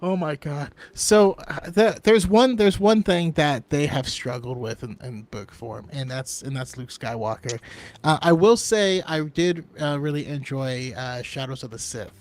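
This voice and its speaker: A man with a fairly high voice hosts a casual fan discussion show. He explains in long, rambling stretches, restarting sentences and chuckling as he goes. The sound is dry and close, with no room echo. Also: a little slow. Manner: rambling, chuckling between points. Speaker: podcast host.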